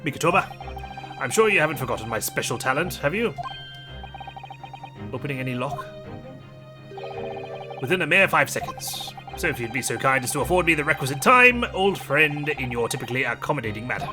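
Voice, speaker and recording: Guy playing a grand theatrical detective, lively swoopy voice, game music behind. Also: mid-range voice, fairly quick, long pauses, close to an everyday voice. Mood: scheming. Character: pompous eccentric male British detective.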